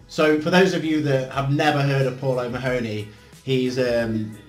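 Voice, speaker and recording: A man's voice: medium pitch, steady tone, normal speed. A man hosting his channel, giving a casual, blunt book review with self-mocking jokes and casual swearing. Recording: roomy echo with faint background music.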